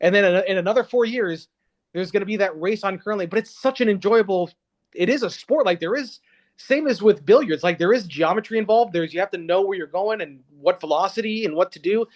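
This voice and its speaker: A man's voice: high voice, brisk. A man, a reporter, talking casually as an interview guest, wandering through his answers with many fillers and restarts. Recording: dull, lo-fi sound.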